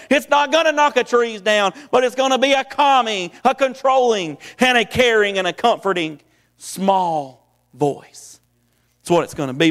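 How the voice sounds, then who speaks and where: A man's voice: very high voice, a bit bright, long reverb tail. A man preaching a sermon in a folksy way, often repeating phrases and restarting. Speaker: pastor.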